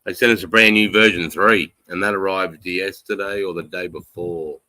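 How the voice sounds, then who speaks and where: An Australian livestream host sits in his country home, reading chat comments aloud, rambling, and cursing liberally. He speaks at normal speed in a low, steady, sharp-toned voice, and the recording is dry and rough.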